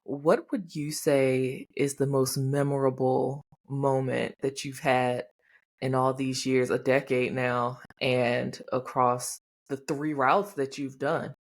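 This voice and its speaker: Slow-speaking podcast host. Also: medium pitch, flat delivery. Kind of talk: casual interview questions.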